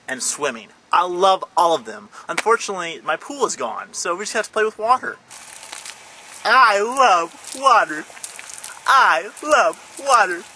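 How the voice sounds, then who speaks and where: Bright-voiced, lively young man vlogging. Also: fairly high pitch, a little hiss or hum. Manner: goofy, chatty, rambling. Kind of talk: casual daily vlog.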